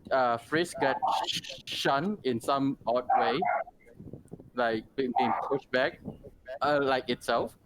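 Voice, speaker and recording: A man plays his characters in an online tabletop session. He talks slowly and haltingly, often restarting mid-sentence. There is a clear hiss of noise under his voice on the call. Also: mid-range voice. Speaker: player. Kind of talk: casual tabletop game play.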